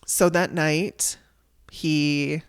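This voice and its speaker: A woman's voice: low-pitched, level tone, very slow, smooth. A woman hosting a podcast, telling a raw personal story in a candid, emotional way and swearing casually. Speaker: podcast host.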